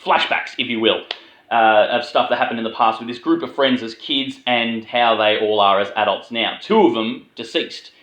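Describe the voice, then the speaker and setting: A man's voice: medium pitch, normal speed, fairly bright tone, echoey room, rough recording. An Australian man giving a casual, rambling film review, with plenty of swearing and filler words. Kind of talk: casual spoken movie review.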